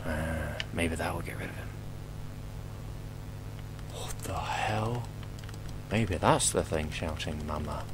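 A man's voice: rumbling low, slow pace, pauses often, background noise. A young man commentating his horror gameplay, rambling and joking, swearing often and talking back to the game.

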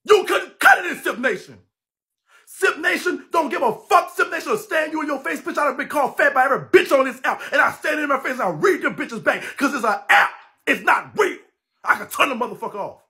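Brash high-voiced New man ranting. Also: expressive, fast talker. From New Orleans, Louisiana. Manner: brash, loud, laughing, heavy cursing. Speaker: livestream host. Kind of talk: profane livestream rant. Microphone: phone livestream.

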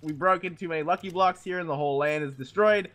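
A young man joining a game let's-play as a guest, laid-back and quick to laugh. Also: on the high side, fairly bright tone. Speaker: co-player guest. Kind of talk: casual gameplay chat.

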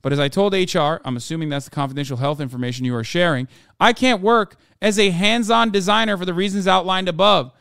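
A man voicing an earnest Icelandic man reading his own letter, in a put-on Nordic accent with a measured, plain delivery. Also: high-pitched, vocal fry, fairly bright tone, smooth, no echo, studio quality.

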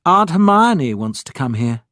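A man reading a storybook, voicing a gentle, anxious mother with a high, pleading voice. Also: sing-song, a little slow, no echo, studio quality. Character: fussing gentle mother of the family.

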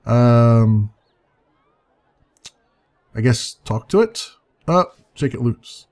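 A man's voice: mid-range voice, lively intonation, drawn-out words, darkish tone. A man reading a text adventure aloud and musing over his choices, hesitant and chuckling now and then. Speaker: let's play narrator.

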